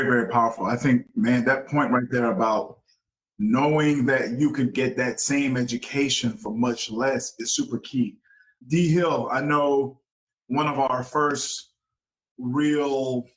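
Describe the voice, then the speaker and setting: A man's voice: medium pitch, fairly bright tone, poor audio. A man hosting an educational talk show, speaking upbeat to the listeners as folks. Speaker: podcast host.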